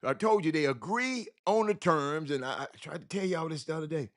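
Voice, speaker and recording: A drawling man with a fairly high, fairly bright voice hosts a loose sports call-in show, talking briskly and with lots of energy. He wanders from one topic to the next, trips over his words, repeats phrases, and keeps addressing his listeners as y'all.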